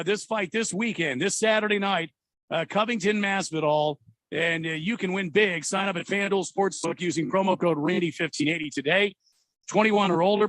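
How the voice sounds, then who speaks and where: High-voiced sports radio host, dry studio sound. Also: male voice, fairly bright tone, dry recording. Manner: halting, many "uh" fillers. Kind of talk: casual radio talk with live ad reads. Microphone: studio mic.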